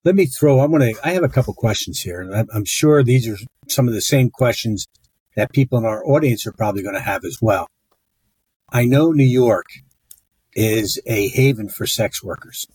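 A man with a husky, slightly breathy voice puts questions to his co-host on a podcast. The sound is dry and close, and he thinks aloud as he goes, restarting his phrases. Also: mid-range voice, animated, moderate pace, a little mellow, dry recording. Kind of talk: casual podcast discussion.

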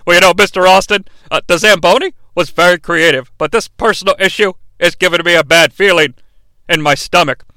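A smug young heir, voiced by a man who whines and bristles whenever his family comes up. His tone is high, bright and smooth. The sound is dry and close. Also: a little fast, no room sound. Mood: defensive. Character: whiny young male heir, defensive and smug.

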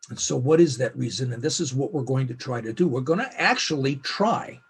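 A middle-aged man teaching a Bible lesson, speaking earnestly and slowing to stress key phrases. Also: mid-range voice, animated, slightly rough. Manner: earnest, with slow emphatic phrasing. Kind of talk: scripted teaching.

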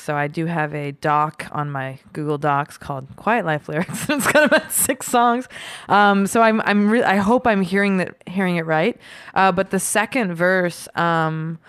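A woman co-hosting a podcast in casual chat, laughing often and filling pauses with ums. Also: lowish voice, steady tone, clear, resonant tone, dry recording, studio quality. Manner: chatty, laughs often, many fillers. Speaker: podcast co-host.

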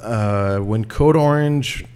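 A young man co-hosting a casual podcast chat with friends, excitable and swearing freely. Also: fairly low pitch, slow. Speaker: podcast co-host.

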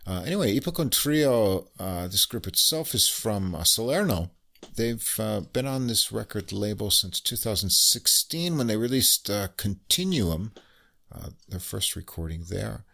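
A man hosting a jazz podcast, chatting casually about new piano records with lots of "uh" pauses. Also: on the low side, gravelly. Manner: relaxed, many "uh" pauses, enthusiastic. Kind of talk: casual music review chat.

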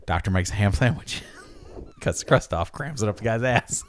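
Animated man telling a long joke. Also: normal speed. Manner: acts out characters with big pitch jumps, laughs mid-story. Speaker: podcast co-host telling a joke.

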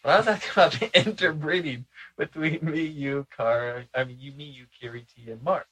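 A man's voice: on the high side, brisk, sharp tone, poor audio. A man in casual conversation who asks a lot of curious questions and laughs easily.

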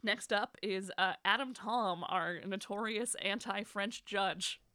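A woman's voice: mid-range voice, takes it slowly, pushed and bright. Chatty woman explaining history. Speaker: podcast host presenting historical sources. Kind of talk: casual explanatory chat.

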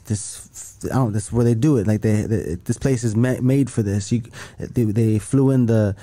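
A man's voice: mid-range voice, mellow. A young man telling a long story in casual chat, rambling and profane, with many restarts. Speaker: podcast guest.

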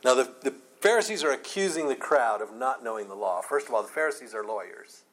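Guy teaching a bible study, earnest and chatty, stumbles and restarts a lot, average pitch. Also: lively intonation, quick pace, fairly bright tone, poor audio. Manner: earnest, repeats words when restarting; reads scripture aloud.

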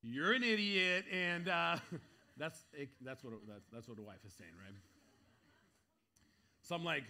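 A man with a high voice preaches to a congregation. He tells a funny story in an animated way. He acts out voices and laughs at his own lines, with a bright, forceful tone. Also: unhurried, gravelly, pauses often. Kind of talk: sermon storytelling.

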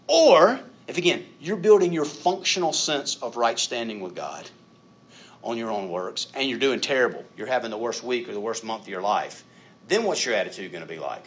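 A middle-aged man preaching a sermon in a conversational, self-deprecating way, laughing at himself and rising to loud emphatic peaks. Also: medium pitch, sing-song, moderate pace, a little hiss or hum. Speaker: pastor.

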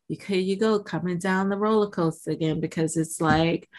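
A woman hosting a podcast, giving an animated motivational monologue that acts out inner voices and keeps checking in with "right?". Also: medium pitch, moderate pace, few pauses. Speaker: podcast host.

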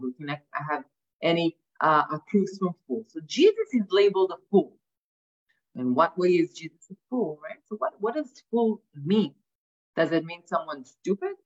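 A woman giving an academic lecture, asking rhetorical questions and often adding "right?". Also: lowish voice. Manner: frequent restarts and repeated words. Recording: dull lo-fi sound.

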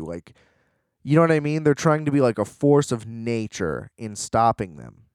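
A man's voice: mid-range voice, big pitch swings, unhurried, no room sound, clean studio sound. A young man in a rambling, sarcastic casual rant, full of fillers and restarts.

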